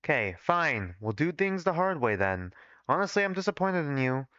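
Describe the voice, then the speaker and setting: A man reading the lines of a scheming female student from his own fan fiction in a flat, even way, on dull, dry livestream audio. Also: fairly high pitch, moderate pace, clear, resonant tone, no echo. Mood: smug.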